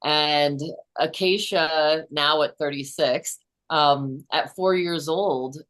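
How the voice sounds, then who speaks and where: A woman's voice: deep voice, slow pace, fairly bright tone. A woman in her sixties, a guest on a podcast, telling a personal story in an earnest, chatty way with many "you know"s. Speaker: podcast host and author, guest. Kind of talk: storytelling in a casual interview.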